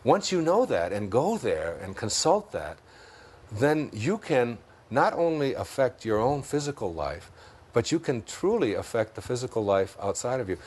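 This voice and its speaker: A man with a Detroit accent, a guest in an interview, speaking in an unhurried, musing way and chuckling at his own jokes. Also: mid-range voice, very animated, darkish tone, breathy edge. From Detroit, United States. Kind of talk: reflective interview talk.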